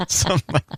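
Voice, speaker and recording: A man's voice: dry recording, clean studio sound. A man co-hosting a radio show, bantering casually with joking, rambling asides.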